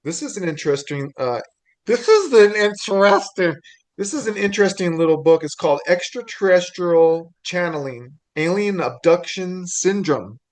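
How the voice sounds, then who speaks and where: A chatty podcast co-host with a somewhat high-pitched male voice. He rambles from one thought to the next and laughs easily. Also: expressive, normal speed. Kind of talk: casual podcast chat.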